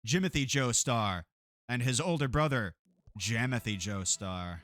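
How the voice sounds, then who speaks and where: Male streamer, mid-pitched, casual and sweary, faint game music behind. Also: lively intonation, unhurried, a bit bright. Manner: profane, rambling, laughs often. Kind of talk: casual gameplay chat.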